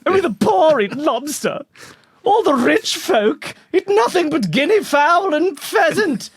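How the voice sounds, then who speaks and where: A man putting on a shrill snobbish old-time neighbor. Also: big pitch swings, unhurried, dry recording, full character voice. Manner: shrill, mocking old-fashioned upper-class voice.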